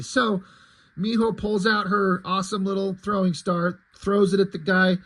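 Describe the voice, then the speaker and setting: A man's voice: sits high, little pitch movement, moderate pace, a bit bright, low-quality recording. A man casually retelling a comic book story, enthusiastic and chatty.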